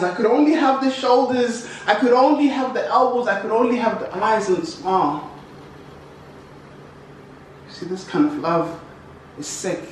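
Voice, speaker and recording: A young South African man performing spoken-word poetry in an office, with a rhythmic, impassioned recitation built on repeated refrains. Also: high-pitched. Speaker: poet. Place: office room. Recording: very echoey room, mic far off, faint noise.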